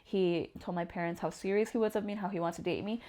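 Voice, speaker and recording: A woman's voice: on the low side, quick pace. A young woman as an interview guest, candidly telling personal stories and acting out the voices of people in them. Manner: animated, acts out voices in her stories.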